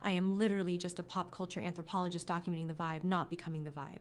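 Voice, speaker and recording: Synthetic female AI voice, low for a woman, earnest and lecture-prone. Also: little pitch movement, racing, slight background noise. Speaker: AI chat companion. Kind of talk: conversational AI replies.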